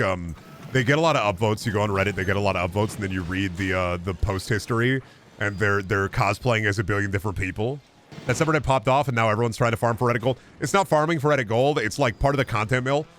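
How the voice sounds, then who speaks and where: A man's voice: lowish voice, fast, fairly bright tone, a little hiss or hum. A young adult man chatting casually on a gaming livestream, rambling and joking with lots of swearing. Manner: rambling, profane, jokey. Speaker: gaming streamer.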